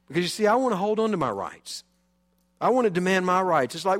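Pastor, male, high voice, emphatic sermon delivery, church hall reverb. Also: a little fast. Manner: animated, emphatic preaching with swings between loud and quiet.

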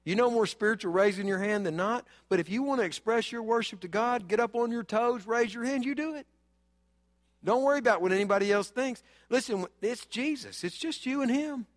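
High-voiced preacher in a reverberant hall. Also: male voice, a little fast. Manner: animated, swings between loud urging and low asides. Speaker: pastor. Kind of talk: sermon. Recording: long reverb of a church hall.

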